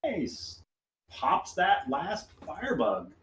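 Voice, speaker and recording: A man's voice: on the high side, wildly swooping pitch, extremely slow, a bit bright, echoey room, poor audio. A man running a tabletop game as game master, narrating scenes with vivid description.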